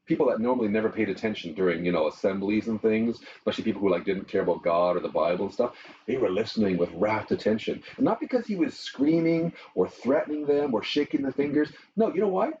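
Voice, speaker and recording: A middle-aged man, a pastor telling stories in an interview in an animated way, with frequent chuckles. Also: fairly low pitch, quick pace, distant mic. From Canada. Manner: animated storyteller, chuckles often. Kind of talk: interview conversation. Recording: muffled lo-fi with faint noise.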